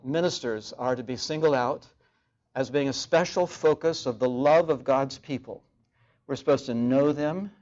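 A man preaching a sermon in a measured way, repeating key phrases for emphasis, on a dull lo-fi recording. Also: medium pitch, a little mellow.

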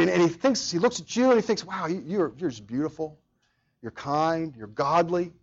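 An earnest male pastor delivers a sermon in a slightly high voice. He repeats words as he goes and acts out quoted prayers. The recording sounds dull and lo-fi.

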